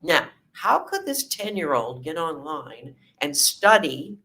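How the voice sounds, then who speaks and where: A woman's voice: sits low, very animated, slow pace, bright, forceful tone. A woman hosting an interview, reacting with eager exclamations and sharing her own views. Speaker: interview host. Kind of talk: conversational interview.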